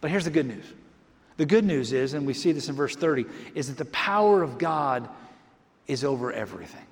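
A man preaching a sermon, building emphatic peaks and dropping to a hush for effect. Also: mid-range voice, expressive, a little fast, in a large hall. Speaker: pastor.

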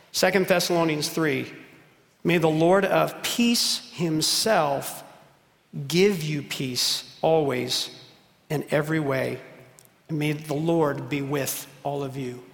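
A middle-aged male pastor preaching a passionate sermon, swinging from loud appeals to hushed, intimate moments. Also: on the high side, gravelly. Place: church sanctuary. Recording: roomy church hall reverb.

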